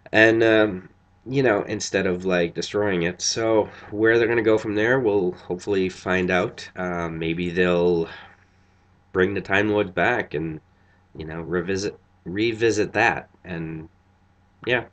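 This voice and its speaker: Casting: tired male vlogger, very low voice, loose rambling review full of ums. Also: steady tone, measured pace, a bit bright. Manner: rambling, many fillers and restarts. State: tired after a long night. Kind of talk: casual spoken review.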